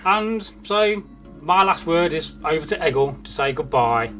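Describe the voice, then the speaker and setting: A man co-hosting a casual chat, chatty and teasing, quick to laugh. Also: a little high, animated, pushed and bright, soft background music. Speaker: co-host reading viewer comments.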